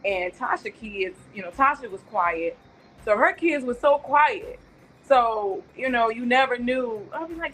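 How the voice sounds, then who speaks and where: A woman's voice: on the high side, lively intonation, a little slow, fairly bright tone, slight background noise, rough recording. Chatty middle-aged woman reminiscing. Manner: chatty storytelling, many asides. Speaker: guest, aunt of the deceased. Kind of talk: casual reminiscing.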